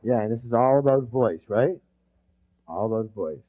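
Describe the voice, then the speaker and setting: Speaking in an animated mid-range voice at normal speed, a male leadership trainer drills his live seminar audience through call-and-response. He rambles, often restarting his sentences, and the lo-fi recording sounds dull.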